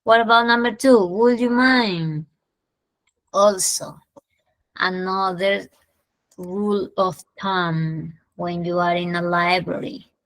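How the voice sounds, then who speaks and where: In a fairly low voice, a Peruvian-accented woman teaches English, blending Spanish explanations with English examples she draws out slowly. The recording quality is poor, though there's no echo.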